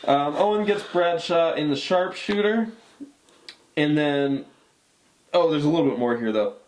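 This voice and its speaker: A man co-hosting a casual chat, relaxed as he plainly retells the events. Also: fairly high pitch, unhurried. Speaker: podcast co-host. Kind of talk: casual chat recapping wrestling.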